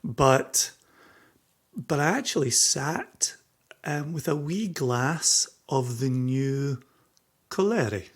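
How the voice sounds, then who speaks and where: A man's voice: medium pitch, animated, slow pace, long pauses, husky. A man co-hosting a whisky podcast, joking in a wry, self-mocking way. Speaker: podcast co-host. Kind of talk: casual banter.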